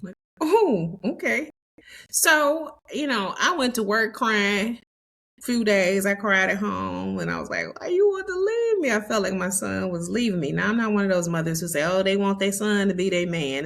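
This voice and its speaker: A woman's voice: deep voice, creaky, a bit bright. A woman, hosting a podcast and telling a candid, emotional personal story with quoted dialogue. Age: 50s. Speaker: podcast host.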